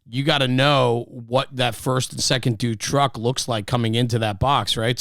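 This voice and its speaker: Friendly male moderator, mid-pitched, dry close phone sound, enthusiastic and quick. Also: a bit bright, no room sound. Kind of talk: casual panel moderation. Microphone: phone in an audio chat room.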